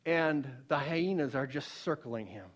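Preaching a little slowly, the man moves back and forth between forceful, loud moments and soft storytelling. He tends to repeat words whenever he restarts.

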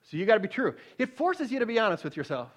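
Very animated and quick, the preacher lurches from booming emphasis to low, hushed storytelling. He keeps restarting, repeating words as he goes.

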